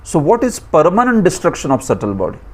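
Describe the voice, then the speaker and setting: A man's voice: a little high, huge pitch swings, fast. A man with an Indian accent teaching a scripture class, lecturing and asking his students questions, with chuckling asides.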